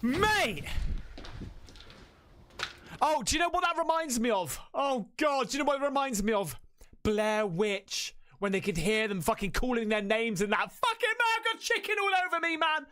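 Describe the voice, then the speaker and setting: A man with a British accent giving loud, excitable reaction commentary full of swearing. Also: extremely high pitch, moderate pace, a little hiss or hum. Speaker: reaction host.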